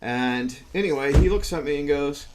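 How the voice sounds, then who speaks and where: A man hosting a casual podcast, talking in an excitable, profane, rambling way. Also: on the high side, normal speed, background noise. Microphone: camera setup.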